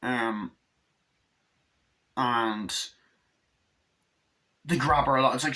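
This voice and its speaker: A man's voice: measured pace, long pauses, sharp tone. Rambling man acting out a movie. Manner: rambling, acts out scenes in jumpy high voices, lots of swearing. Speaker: movie reviewer. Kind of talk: casual movie recap.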